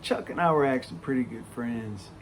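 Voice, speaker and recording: A man telling a story from his working life in a casual, animated way, full of swearing. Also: medium pitch, brisk, a little hiss or hum. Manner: profane, animated raconteur.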